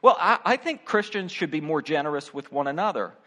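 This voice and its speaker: Man, middle-aged, pastor, sermon, fairly high voice, emphatic, direct address. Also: animated, brisk, bright, forceful tone. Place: church.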